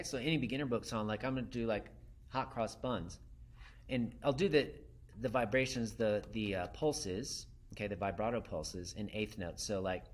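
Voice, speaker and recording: A man teaching a saxophone lesson, counting students in and demonstrating with sung syllables. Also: medium pitch. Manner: counts in and calls turns. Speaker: music teacher.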